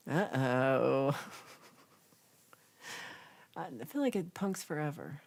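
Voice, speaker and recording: A young woman hosting a casual livestream, reading viewer comments aloud and chatting in a lively, reactive way. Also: sits low. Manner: chatty, reacts with gasps and laughs, animated. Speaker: livestream host reading chat.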